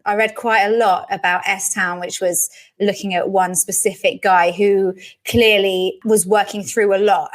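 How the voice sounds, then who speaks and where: Casting: young woman, podcast host, chatty, laughs easily, mid pitch. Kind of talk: casual chat.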